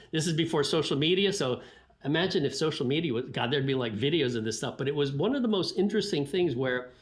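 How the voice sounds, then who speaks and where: A middle-aged man, a scientist guest on a podcast, telling stories in an animated way, laughing and acting out what people said. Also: fairly high pitch. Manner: animated, laughing, acts out quotes. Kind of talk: podcast storytelling.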